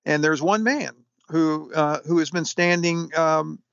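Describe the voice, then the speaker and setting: A man answering interview questions at length, halting often with fillers and restarts. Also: on the high side, creaky, fairly bright tone, dry recording. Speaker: historian guest. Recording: dull, lo-fi sound.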